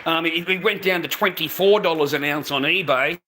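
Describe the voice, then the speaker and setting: A middle-aged man on the high side of pitch speaks a little fast, ranting angrily on a live stream. He swears and says "mate" to finish almost every line, over a noisy background.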